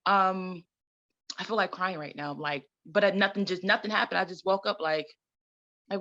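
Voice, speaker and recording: Woman guest talking emphatic and repetitive, lowish gravelly voice, kinda muffled lo-fi sound. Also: moderate pace, a bit bright. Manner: repetitive, emphatic, laughs often. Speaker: guest, trauma recovery coach and community founder. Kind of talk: conversational interview.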